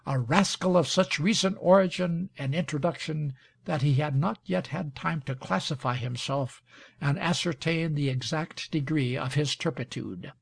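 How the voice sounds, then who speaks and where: Guy reading an old novel out loud, gravelly voice, pretty lively pitch, a bit on the higher side. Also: dry recording. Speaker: audiobook reader. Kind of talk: scripted narration.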